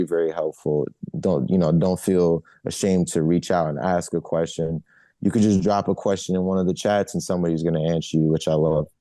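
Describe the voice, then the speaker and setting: Deep, mellow-voiced man, casual guest. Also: no echo. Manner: relaxed, repeats "you know" and restarts often. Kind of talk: casual interview answers.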